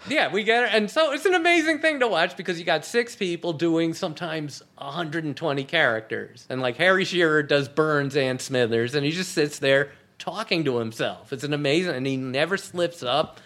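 A man's voice: fairly high pitch, lively intonation, normal speed, hardly any pauses, a bit bright. A man guest in an interview, telling anecdotes and acting out quoted dialogue, laughing often. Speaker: guest, TV comedy writer. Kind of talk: casual storytelling in an interview. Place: apartment.

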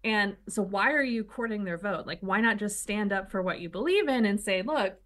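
A woman's voice: mid-range voice, lively intonation, brisk, a bit bright. A woman co-hosting a casual political talk show, blunt and opinionated, talking in long runs. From United States. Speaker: co-host.

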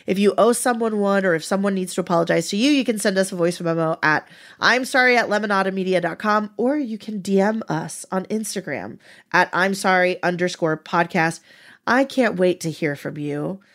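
A woman's voice: medium pitch, moderate pace. A woman co-hosting a casual podcast, talking candidly, swearing freely and laughing often. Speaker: podcast co-host.

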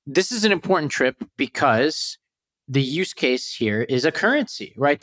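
Man hosting, framing questions calmly. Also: mid-range voice, no room sound. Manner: measured, explanatory, sets up questions with framing. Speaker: podcast host. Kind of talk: interview questions.

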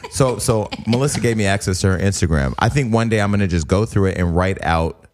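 A low-pitched man hosts a radio show in loose, joking banter. He talks brashly and swears freely. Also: animated, fast talker, background noise. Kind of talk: casual banter.

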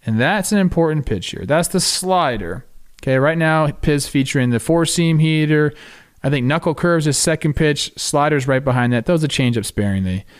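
A man hosting a baseball podcast, talking through game clips casually with excited, animated asides. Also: a little high, moderate pace, clean tone. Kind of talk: casual video breakdown commentary.

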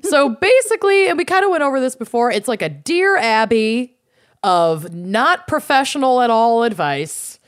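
A woman's voice: a little high, very animated, moderate pace, clean tone, no echo, studio quality. A woman co-hosting a podcast in casual chat, explaining a new bonus show with playful asides. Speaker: podcast co-host.

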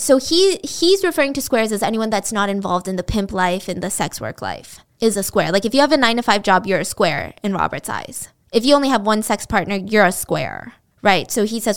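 A woman's voice: medium pitch, very animated, a little fast. A woman casually retelling a true-crime story, chatty and blunt, swearing freely and filling her speech with "like.".

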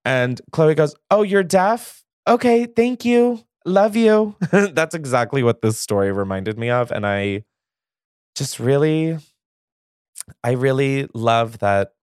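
A man's voice: mid-range voice, darkish tone, clear, resonant tone, no room sound, clean studio sound. A man hosting a podcast, reading stories aloud in a profane, gossipy manner, jittery from caffeine and laughing often. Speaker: podcast host.

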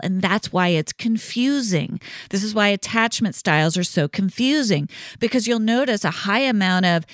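A woman's voice: mid-range voice, no echo, clean studio sound. A woman hosting a solo podcast, explaining in a conversational, reassuring way with frequent "right?" asides. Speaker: podcast host.

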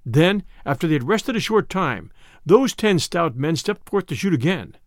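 Man reading an old adventure tale, lively sing-song pitch, dry close sound. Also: moderate pace, no room sound. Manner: expressive, archaic prose. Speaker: narrator. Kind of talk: storybook reading.

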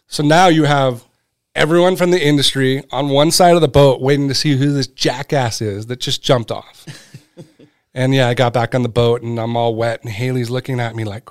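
A man's voice: mid-range voice, moderate pace, no room sound. A middle-aged man tells a story in a loose, chatty way. He jumps into the voices of the people he quotes, then drops back to his own mid-range voice. The recording is close and dry. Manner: animated, acts out quoted voices. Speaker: guest, brand cofounder. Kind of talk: casual storytelling.

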